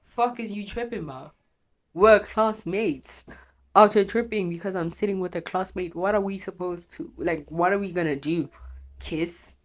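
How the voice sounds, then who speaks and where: A woman's voice: fairly low pitch, moderate pace. A young woman telling a painful personal story in a raw, emotional way, swearing and correcting herself, teary with a runny nose from crying. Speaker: storytelling vlogger.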